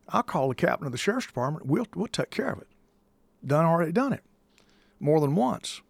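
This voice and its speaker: Gravelly, emphatic man. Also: a little high, lively intonation, fairly quick, a little mellow, no room sound. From United States. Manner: emphatic, folksy, repeats himself for stress. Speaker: host taking calls. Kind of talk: casual on-air talk with preacherly touches.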